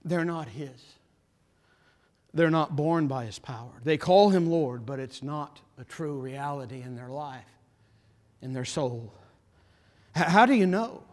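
A man preaching a sermon as pastor, impassioned, repeating phrases and building to forceful emphasis. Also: medium pitch, measured pace.

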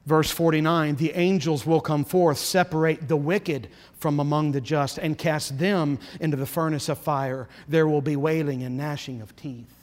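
A man preaching a sermon as pastor, earnest and insistent, often dropping to a low, solemn emphasis. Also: steady tone, moderate pace, hardly any pauses, a little mellow, long reverb tail.

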